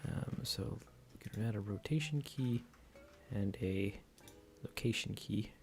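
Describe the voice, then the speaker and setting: A man's voice: on the low side, unhurried, soft background music. A man streaming live, thinking aloud as he edits a video, mumbling to himself with whispered asides and unfinished sentences.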